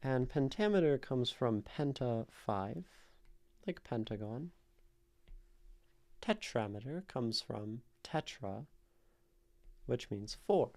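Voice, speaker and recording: A man's voice: mid-range voice, expressive, takes it slowly, gravelly, long pauses, darkish tone. A male streamer who reads a chatter's poem aloud, then explains its meter and taps out the stress beats. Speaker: streamer reading and critiquing chat poetry. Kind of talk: slow, thoughtful poetry reading and analysis.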